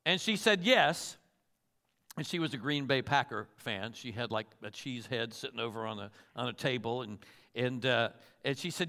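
A man's voice: mid-range voice, moderate pace, sharp tone, big-room sound. A man preaching a sermon, talking earnestly to his listeners with rhetorical questions and voicing the people and words he quotes. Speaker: pastor.

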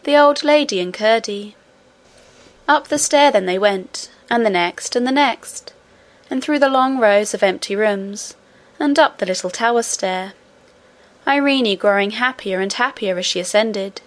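A woman narrating a classic children's story aloud in an even, clear storytelling read. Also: medium pitch, measured pace. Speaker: audiobook narrator. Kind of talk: scripted narration.

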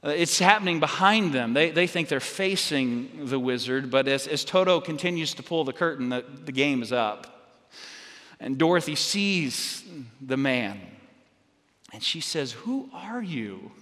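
A man preaching a sermon as pastor, telling stories in a halting way with many restarts and fillers. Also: on the high side, pushed and bright, big-room sound.

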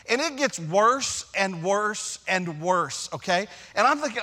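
A middle-aged man preaching a sermon, telling a personal story with animated, self-deprecating humor. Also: high voice, measured pace, few pauses. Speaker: pastor.

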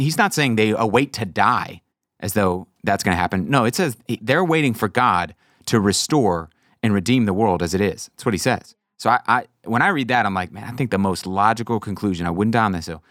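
A man with a low voice hosts a casual faith podcast. He tells stories with energy and acts out the quotes in squeaky high voices. The sound is close and dry. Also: expressive, brisk, fairly bright tone, no room sound. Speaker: podcast host. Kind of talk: casual chat about faith.

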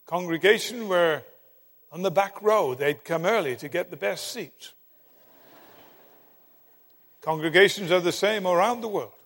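A man preaching a sermon, telling stories with dramatic emphasis and long pauses. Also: high voice, a bit bright. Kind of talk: sermon with storytelling. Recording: long hall reverb.

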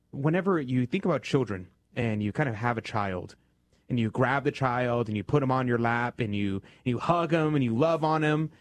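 Relaxed male radio host, dry sound. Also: medium pitch, dry recording. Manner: conversational, restarts and reads poetry aloud. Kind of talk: casual chat about faith and poetry. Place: radio studio.

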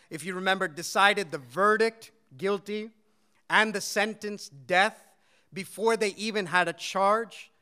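A man's voice: sits high, sharp tone, clear, resonant tone. A man preaching an expository sermon, telling the story earnestly and asking his listeners questions. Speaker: pastor.

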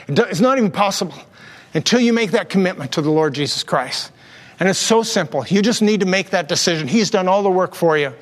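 This is a storytelling sermon from a pastor in his fifties, whose high voice echoes with a long hall reverb in the church. He recounts personal stories with animated energy and adopts voices to quote people.

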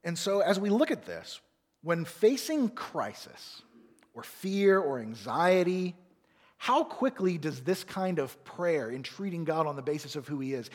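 A pastor delivers an earnest sermon in a slightly high, husky voice. His pitch swings widely as he presses his points, and the words ring out with a long hall reverb. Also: normal speed. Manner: earnest, animated preaching with acted asides.

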